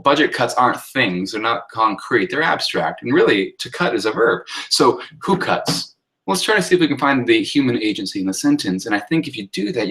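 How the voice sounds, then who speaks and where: A man's voice: medium pitch, a bit bright, poor audio. Man giving a writing workshop lecture. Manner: explanatory, with frequent "right?" and fillers. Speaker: writing instructor.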